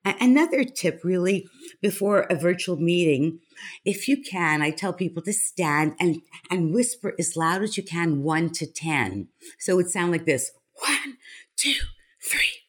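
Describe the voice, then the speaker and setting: A woman's voice: fairly low pitch, animated, moderate pace. A woman presence coach in an interview, talking in an assured, advice-giving way and laughing easily. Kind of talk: conversational interview.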